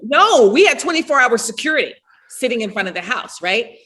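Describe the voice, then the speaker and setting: A middle-aged woman with a slightly high, husky voice tells stories as a podcast guest in easy, casual chat. She is animated, laughs often and slips into little performances of what people said. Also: fairly quick.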